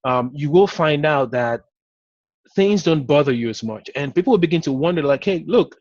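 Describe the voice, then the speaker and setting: A business coach talks his listeners through a motivational message in an easygoing, encouraging way, filling pauses with "you know". His voice sits a bit high for a man. The sound is close and dry, but slightly muffled and dull. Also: animated, darkish tone, dry recording. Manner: conversational and encouraging, many "you know" fillers. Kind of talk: motivational talk to an audience.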